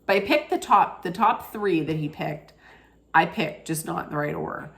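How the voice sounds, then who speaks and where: A woman's voice: fairly low pitch, animated, normal speed, vocal fry. A woman giving a casual, opinionated recap of a reality dating show, chatty, with frequent fillers and restarts.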